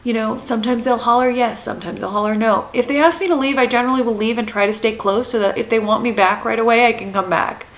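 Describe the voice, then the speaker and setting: A woman's voice: on the high side, fairly even intonation, fast, hardly any pauses, low-quality recording. Woman, 30s, parenting channel host, earnest advice talk, repeats questions for emphasis.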